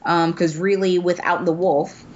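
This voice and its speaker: A woman's voice: lowish voice, steady tone, unhurried, a little hiss or hum. A woman co-hosting a casual chat who jumps in to correct and add details. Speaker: podcast co-host. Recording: dull lo-fi audio.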